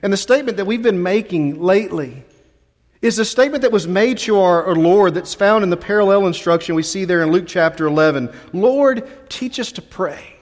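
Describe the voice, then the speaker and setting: A man's voice: high-pitched, brisk. A man preaching as a pastor, telling a chatty, self-deprecating story with frequent restarts before turning to the sermon. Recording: long reverb of a large hall.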